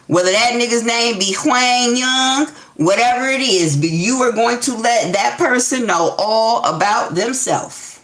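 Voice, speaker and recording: Bright-voiced blunt woman tarot reader. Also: fairly high pitch, roomy sound. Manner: blunt, profane, acts out heated quotes. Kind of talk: casual tarot reading monologue.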